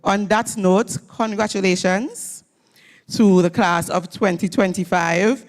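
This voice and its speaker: A woman addresses graduates at a church ceremony, speaking in an unhurried, deliberate way. Her voice sits at an ordinary pitch, and she pushes words for emphasis as she drills the room in call-and-response. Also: steady tone.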